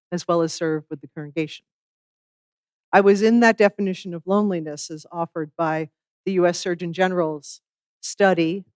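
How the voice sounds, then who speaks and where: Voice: mid-range voice, clear, resonant tone, no room sound. Reflective minister, dry close sound. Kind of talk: sermon.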